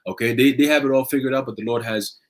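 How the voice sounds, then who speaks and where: A man co-hosting a religious talk show, reading Bible verses slowly and explaining them in casual slang. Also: mid-range voice, steady tone. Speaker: co-host.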